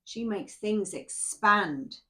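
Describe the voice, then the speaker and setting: A woman's voice: mid-range voice, lively intonation, takes it slowly, pushed and bright. A woman giving a casual tarot reading to camera, chatty and rambling, who keeps checking in with "yeah?". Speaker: tarot reader.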